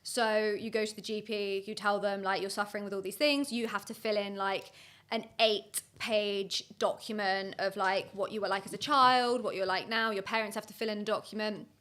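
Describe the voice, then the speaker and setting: Young woman on a podcast, talks fast, rambles, says like a lot. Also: mid-range voice, steady tone, fairly bright tone. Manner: fast rambling with many likes. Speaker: podcast guest. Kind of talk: casual chat.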